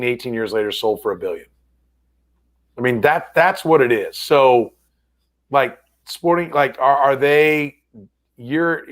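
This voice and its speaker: A male sports host in loose podcast chat, mid-pitched and easygoing. He wanders through long stories, restarting and correcting himself along the way. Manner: rambling, self-correcting storyteller. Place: studio.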